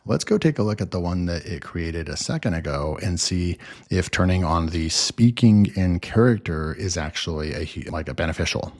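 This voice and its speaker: Deep-voiced man walking through a tutorial. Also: lively intonation, normal speed, a little mellow. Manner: rambling, with many fillers and restarts. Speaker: software reviewer. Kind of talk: casual screen-recording tutorial.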